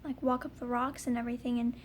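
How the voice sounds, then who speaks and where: A woman's voice: a little high, flat delivery, quick pace. Young woman, casual storytime vlog, rambling, faint background hiss. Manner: rambling, full of ums and likes. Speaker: vlogger.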